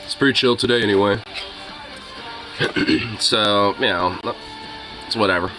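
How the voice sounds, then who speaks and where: A man's voice: lowish voice, a little slow, pushed and bright, faint music behind, low-quality recording. A young man chatting casually with his viewers, rambling with lots of fillers and swearing. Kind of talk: casual chat.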